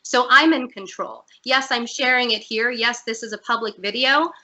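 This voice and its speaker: Bright, earnest woman telling her story. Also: a little high, normal speed. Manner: earnest, candid, emotional at times. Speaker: guest. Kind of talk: personal story in an interview.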